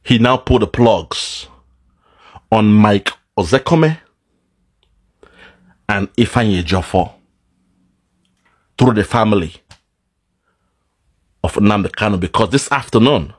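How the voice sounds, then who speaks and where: A man giving an impassioned commentary, swinging between loud outbursts and low, mournful asides. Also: expressive, slow pace, long pauses, husky. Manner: dramatic, swings between shouting and low lament. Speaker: political commentator. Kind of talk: impassioned monologue.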